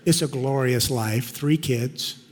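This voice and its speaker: A middle-aged pastor from Texas, preaching a sermon and swinging between loud urging and quiet personal storytelling. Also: male voice, medium pitch, slow. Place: large church sanctuary. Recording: long hall reverb in a sanctuary.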